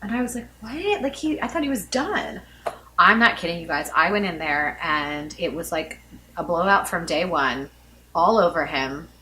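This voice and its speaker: Bright-voiced woman in her thirties, dramatic storyteller. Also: on the low side, expressive, moderate pace, a little hiss or hum. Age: 30s. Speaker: podcast co-host. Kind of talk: casual chat.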